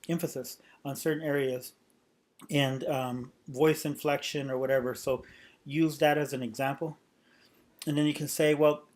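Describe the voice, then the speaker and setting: A man's voice: fairly high pitch, a little mellow. A man teaching a sales technique in an unscripted way, often repeating and restarting phrases and acting out sample lines. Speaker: sales trainer. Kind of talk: instructional talk.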